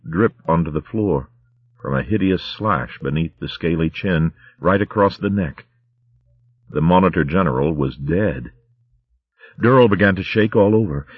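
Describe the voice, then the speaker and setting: A man reading a story aloud in a steady, measured audiobook narration. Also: low voice, husky, no room sound, narrow, tinny audio.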